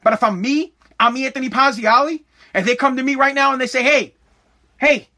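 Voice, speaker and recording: A man's voice: very high voice, fairly even intonation, quick pace, pushed and bright. A man hosting his podcast, ranting in a profane, emphatic way, repeating lines for effect and acting out imagined conversations. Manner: acts out imagined dialogue. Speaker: podcast host.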